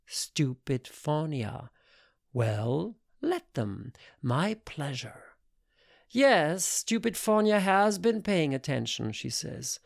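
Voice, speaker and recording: Casting: a man doing a hard-bitten, profane woman lover, slow, measured delivery, dry close sound. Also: a little high, big pitch swings, creaky, dry recording, exaggerated voice. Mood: mocking. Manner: blunt, profane, slow and intense.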